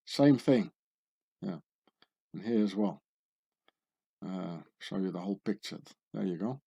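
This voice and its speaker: Low-pitched, creaky, husky, and mellow, this man's voice moves at a measured pace as he hosts his own channel. He talks through images during a screen share in a sardonic, conspiratorial way, often tacking questions onto his remarks.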